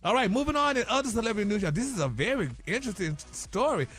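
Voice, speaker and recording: A man's voice: sits high, expressive, racing, a bit bright, breathy edge, soft background music. A man delivering celebrity gossip on morning radio in a sassy, chatty way, tossing in "honey" and "y'all" all the time.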